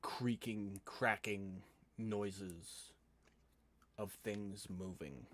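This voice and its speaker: A man narrating as game master of a tabletop game, calmly describing the scene. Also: fairly low pitch, extremely slow, a little hiss or hum. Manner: calm, descriptive scene-setting.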